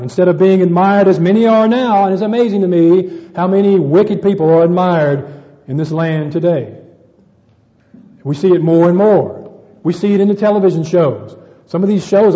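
A man's voice: fairly high pitch, dark tone, long reverb tail, dull audio. A man preaching a sermon to a congregation, addressing them as brethren and often repeating words as he searches for the next.

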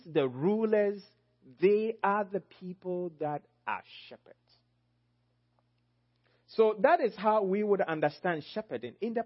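A man preaching a sermon, emphatic, swinging from loud high exclamations to low quiet phrases. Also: highs cut off.

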